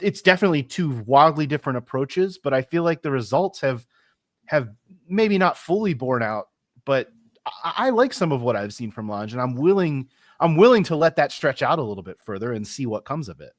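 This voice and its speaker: A man co-hosting a casual football podcast, talking in a measured, analytical way with frequent restarts. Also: medium pitch, very animated, dry recording, clean studio sound. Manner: measured, analytical, stumbles over repeated words. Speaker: podcast co-host.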